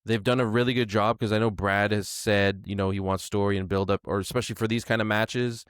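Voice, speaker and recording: A man's voice: on the low side, steady tone, fairly quick, clear, resonant tone, no room sound, studio quality. A man co-hosting a podcast in casual chat, tossing in wry joking asides. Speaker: podcast co-host.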